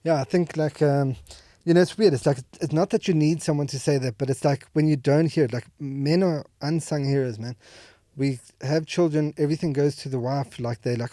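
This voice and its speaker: A man's voice: a little high, normal speed, hardly any pauses, warm tone, no room sound, clean studio sound. A man talking candidly as a podcast guest, rambling with many fillers and restarts. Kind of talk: candid emotional conversation. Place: podcast studio.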